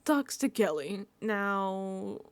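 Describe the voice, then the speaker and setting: A woman's voice: medium pitch, expressive, extremely slow, no room sound. A young woman giving a sassy, gossipy recap of a reality show, acting out quotes from the contestants. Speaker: recap vlogger.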